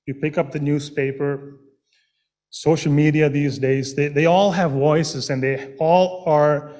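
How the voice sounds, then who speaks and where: Guy preaching slow and earnest, kinda higher voice, lots of ums and restarts. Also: darkish tone. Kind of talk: sermon.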